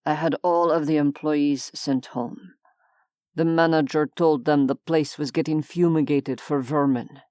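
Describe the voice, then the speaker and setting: A worn-out male commander , as a woman narrator voices him, lays things out in a weary, matter-of-fact way. Low, smooth and dry, like a close audiobook read. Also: fairly even intonation, unhurried, mellow, no room sound. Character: exhausted, steady male commander.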